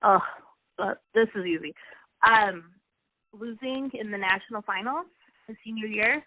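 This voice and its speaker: A woman's voice: medium pitch, unhurried, no room sound. A young woman, a coach's wife, telling personal stories in a chatty, emotional way with frequent restarts. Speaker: interview guest, wrestling coach's wife. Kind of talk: casual personal storytelling. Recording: tinny phone-like line, dry.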